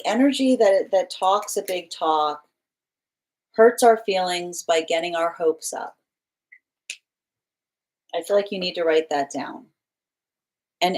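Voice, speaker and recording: Rambling woman giving a tarot reading. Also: rough recording. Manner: rambling, repeats phrases, restarts often; bursts into laughter and animated pitch jumps. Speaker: tarot reader. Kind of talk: live tarot reading monologue.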